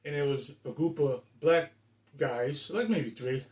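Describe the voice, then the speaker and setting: A man's voice: on the high side, expressive, measured pace, a little mellow. A man in his sixties from Rhode Island, ranting bluntly and emphatically to the camera with plenty of profanity. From Rhode Island, USA. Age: 60s. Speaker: vlogger. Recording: echoey room.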